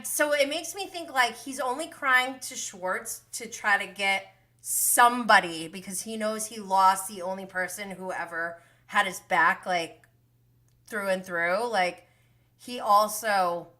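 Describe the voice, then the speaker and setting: Chatty woman doing a reality show recap live, gushes and laughs, kinda sharp bright tone, swears casually. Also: medium pitch, unhurried. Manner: gushing and animated, laughs often, casual swearing. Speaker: host of a reality TV recap livestream.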